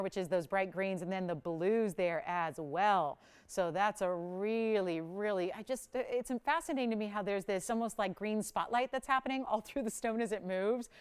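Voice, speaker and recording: A woman hosts a live jewelry shopping broadcast from a TV studio. Her voice is smooth and polished, sitting at an ordinary middle pitch for a woman. She keeps up a chatty, upbeat sales patter. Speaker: shopping channel host.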